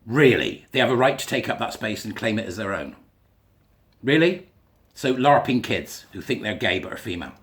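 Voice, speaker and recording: A man's voice: medium pitch, a bit bright. A man giving a sarcastic, sweary commentary as he reads passages aloud and mocks them. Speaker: commentator reading and rebutting a school policy. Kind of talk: ranting commentary.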